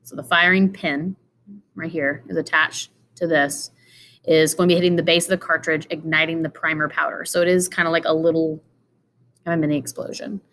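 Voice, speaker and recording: A tired, yawning teacher gives a casual explanatory lecture, walking through slides with many fillers and asides. Her voice is low and a bit bright, with fairly even intonation and a slightly fast pace. There's slight background noise.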